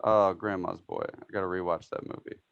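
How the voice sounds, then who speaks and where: A man's voice: sits low, little pitch movement, a little fast, creaky, clean tone, muffled recording. A man co-hosting a podcast in a casual chat, describing memes, swearing freely and laughing as he talks. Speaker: podcast co-host.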